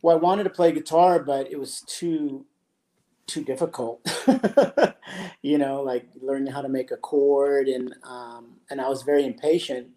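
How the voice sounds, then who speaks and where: Mellow, relaxed older man. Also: medium pitch, unhurried. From San Jose, California. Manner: relaxed, reflective, with laughs and throat-clearing. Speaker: guest, pro skateboarder. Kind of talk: casual interview storytelling.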